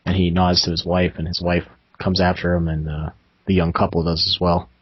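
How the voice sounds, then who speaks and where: A man's voice: low-pitched, little pitch movement, brisk, husky, dry recording. A man running a tabletop game as game master, narrating hesitantly with many fillers, over a muffled lo-fi voice chat.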